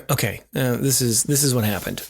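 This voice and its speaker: A man's voice: mid-range voice, normal speed, vocal fry, fairly bright tone, breathy edge. A man co-hosting a podcast, telling a self-deprecating story in a wry, casual way. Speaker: podcast co-host.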